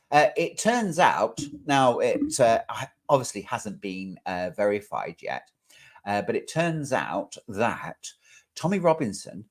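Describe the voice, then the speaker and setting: A man hosting a casual talk show, speaking hesitantly with many filler sounds. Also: medium pitch. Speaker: host. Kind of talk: casual commentary.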